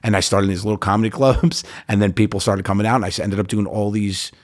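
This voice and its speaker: A middle-aged comedian guest in a casual podcast interview, animated and storytelling, quoting himself and others. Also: male voice, fairly low pitch, fast talker, no room sound, clean studio sound. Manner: animated storyteller, quotes himself and others, frequent "like" and "you know".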